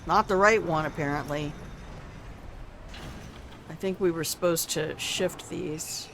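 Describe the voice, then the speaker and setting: A woman's voice: sits low, slow, creaky, background noise. Older woman streamer, salty and teasing. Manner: salty, swearing, teasing banter with chat. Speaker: gaming streamer. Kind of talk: casual gameplay commentary.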